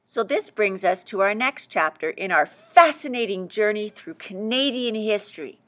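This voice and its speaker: A woman's voice: mid-range voice, animated, normal speed, a bit bright. A woman teacher narrating a history lesson for kids, playful and teasing, with exaggerated asides to her students.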